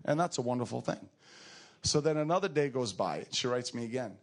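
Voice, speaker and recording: A man preaches to his church family, telling a story with lively emphasis. His voice rises high when he stresses a point and sinks low and soft in the tender moments. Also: fairly quick. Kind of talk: sermon storytelling.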